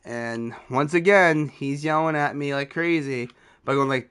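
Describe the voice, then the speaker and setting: A man's voice: on the high side, a little slow, fairly bright tone, clean tone. A young man telling a personal story in a casual storytime vlog, talking loosely with slang and swearing. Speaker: vlogger.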